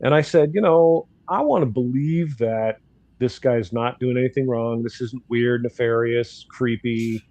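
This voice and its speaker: A man's voice: mid-range voice, measured pace, dark tone, no echo, dull audio. An older man, a grandfather, bluntly telling a story in casual talk and acting out the dialogue. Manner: blunt, outspoken, acts out dialogue in quotes. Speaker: guest commentator.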